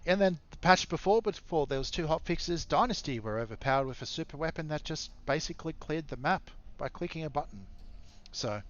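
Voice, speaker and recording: Halting Australian man casting a game. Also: a little high, animated, lo-fi sound. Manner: rambling, halting, with many fillers. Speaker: esports caster. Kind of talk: casual game commentary.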